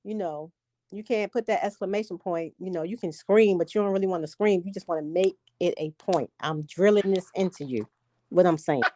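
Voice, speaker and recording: A woman's voice: lowish voice, a little fast, mellow, no echo. A woman co-hosting a podcast in casual chat, making her points emphatically. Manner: emphatic, explains with repeated words. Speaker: podcast co-host.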